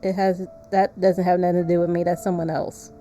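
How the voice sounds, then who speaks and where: A woman streaming a game live, chatting playfully with her viewers, laughing often and reading the game's narration aloud in a softer voice. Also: on the low side, flat delivery, fairly quick, faint music behind.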